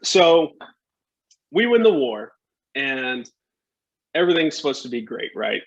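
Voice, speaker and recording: A man's voice: a little high, sing-song, measured pace. A man telling history in a casual, chatty way, often checking in with "right?" and dropping in jokes. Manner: conversational, lots of "right?" and "like". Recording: dull lo-fi podcast audio.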